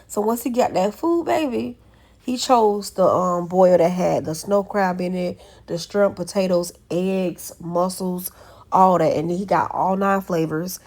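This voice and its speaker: A woman's voice: lowish voice, moderate pace, a little mellow. A woman, telling a story to her viewers in a chatty, affectionate way and calling them baby. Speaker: vlogger. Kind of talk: casual vlog chat.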